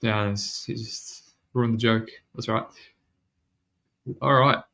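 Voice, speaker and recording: A man's voice: lowish voice, fairly even intonation, takes it slowly, bright, forceful tone. A man with a New Zealand accent hosting a casual betting podcast, chatting in a loose, slangy way. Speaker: podcast host.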